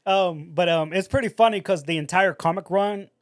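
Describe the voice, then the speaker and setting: A man's voice: sits high, moderate pace, no echo, clean studio sound. A man co-hosting a podcast, telling a story animatedly and acting out the quotes in casual talk. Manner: casual, says "bro". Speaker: podcast co-host.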